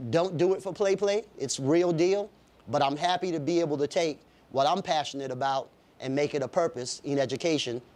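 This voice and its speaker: A man's voice: fairly high pitch, a little mellow. A man speaking as a visiting hip hop educator, giving an upbeat talk to a class of students with many fillers and frequent check-ins.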